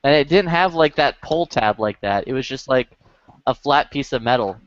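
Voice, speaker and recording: A man's voice: medium pitch, lively intonation, moderate pace, muffled recording. A man telling a long, rambling, profane story in casual online voice chat, full of filler words. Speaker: lobby chat regular.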